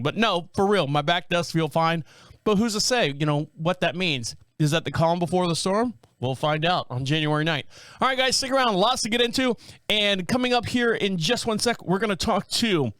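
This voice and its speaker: Middle-aged male host, high voice, dry close mic, joking and rambling. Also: fairly bright tone, smooth, no echo. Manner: jokey rambling storyteller who laughs often. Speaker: podcast host. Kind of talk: casual podcast monologue.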